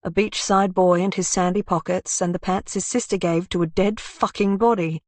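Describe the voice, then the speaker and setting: A woman narrating a crime thriller audiobook in an even, measured way. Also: mid-range voice, dry recording.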